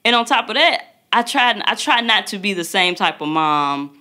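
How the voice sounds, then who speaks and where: A woman in her thirties co-hosting a casual parenting podcast, telling stories in an animated way and acting out the voices of others. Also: medium pitch, moderate pace. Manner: animated storytelling, acts out quotes. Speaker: podcast co-host. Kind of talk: casual chat.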